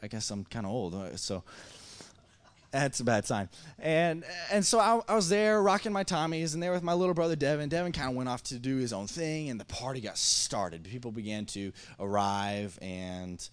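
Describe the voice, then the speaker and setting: A man in his thirties from Missouri, preaching a sermon to a congregation as a lively storyteller who stumbles and restarts often. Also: mid-range voice, normal speed, clean tone. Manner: animated, acting out dialogue, many restarts. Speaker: pastor. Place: church service before a congregation.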